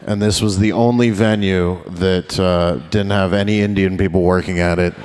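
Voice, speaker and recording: A man's voice: low-pitched, steady tone, moderate pace, background noise. A man doing a stand-up set, crude and rambling, full of filler words and laughing at his own jokes. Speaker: stand-up comedian.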